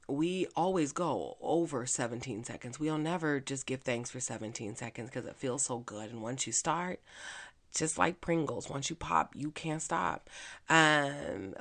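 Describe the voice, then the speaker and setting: A woman hosting her own podcast, talking alone in a chatty, upbeat way with plenty of fillers. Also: extremely low pitch. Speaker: podcast host. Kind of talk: casual solo podcast monologue.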